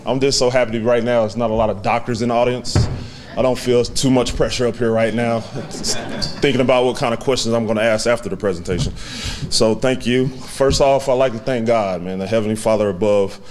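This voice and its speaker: At a hall of fame banquet, a man in his thirties gives an emotional acceptance speech, halting as he holds back tears and laughs softly. His mid-range voice keeps a steady tone.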